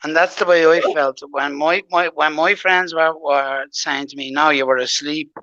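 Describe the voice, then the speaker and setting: A young man in casual podcast chat, relaxed and slow, asking gentle questions. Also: fairly high pitch, no room sound, lo-fi sound.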